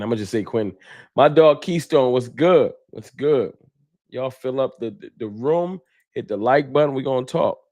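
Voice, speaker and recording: A man's voice: mid-range voice, a little mellow. A man hosting a fan livestream, casually greeting viewers by name in laid-back slang.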